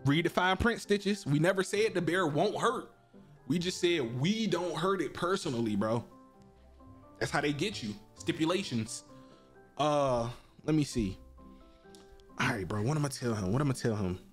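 A man giving casual, excitable commentary while playing a video game, joking, laughing and swearing often. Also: a little high, moderate pace, faint music behind. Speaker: gaming streamer.

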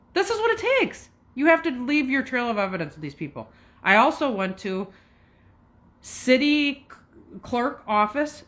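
A woman's voice: a little high, a bit bright. A woman in her fifties telling a long, agitated story straight to her viewers, swearing and jumping between asides. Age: 50s. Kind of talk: casual rant to camera.

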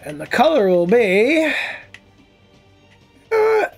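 A man mutters and rants through casual gameplay commentary, his voice gravelly. He trash-talks his opponent freely and gets annoyed fast. Soft game music plays in the background. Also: very high-pitched, wildly swooping pitch. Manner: profane, trash-talking, easily annoyed. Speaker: gaming streamer.

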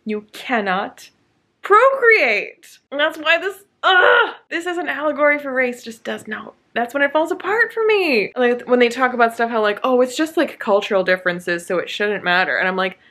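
A woman's voice: a little high, expressive, brisk, few pauses, a bit bright. A woman vlogging about a book she is reading, talking casually with sarcastic, exasperated asides and lots of fillers.

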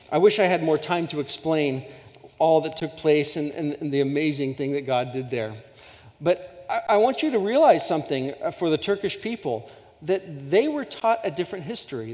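A man's voice: fairly high pitch, lively intonation, normal speed, darkish tone. A man preaching a sermon as guest speaker, telling a story earnestly and with passion, often restarting his sentences. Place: church sanctuary. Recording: long hall reverb.

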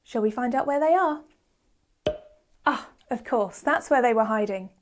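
A woman teaching a children's phonics lesson in a slow, encouraging, sing-song teacher voice. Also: a little high, lively intonation, a little hiss or hum.

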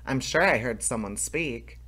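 A man reading aloud as a pair of sneaky grown thieves in a storybook, hushed and urgent. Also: mid-range voice, expressive, unhurried. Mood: scheming.

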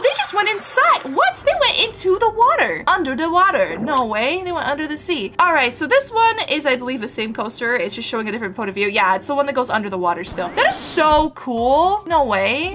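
A woman vlogger giving excited reaction commentary, gasping and exclaiming as she chats. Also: high-pitched. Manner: gasping, exclaiming, lively and chatty.

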